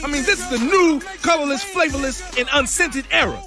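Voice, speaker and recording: A man's voice: very high-pitched, lively intonation, fairly quick, over music. A brash crude street guy. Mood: swaggering. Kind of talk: animated TV comedy.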